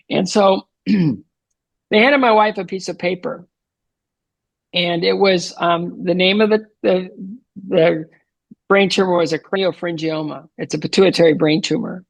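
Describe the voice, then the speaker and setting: A man's voice: high voice, fairly even intonation, moderate pace, vocal fry, dry recording. A man in his fifties, a podcast guest, earnestly retelling his life story with many fillers and restarts. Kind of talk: storytelling interview answer.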